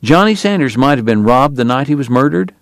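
A stubborn Old West lawman played by a man, blunt and unhurried in his delivery. The voice stays close to the narrator's own mid pitch, in a dry audiobook recording. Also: lively intonation, no room sound, natural voice. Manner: blunt, deliberate. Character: blunt, stubborn frontier lawman, weary and steady.

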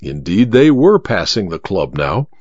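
A man reading a story aloud as narrator in a measured, expressive way, on a dull lo-fi recording. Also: low-pitched, slightly rough, no echo. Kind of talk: audiobook narration.

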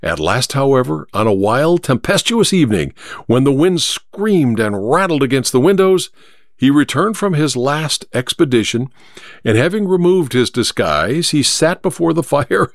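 A man narrating an audiobook in a steady, expressive storytelling manner. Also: medium pitch, measured pace, no room sound, clean studio sound.

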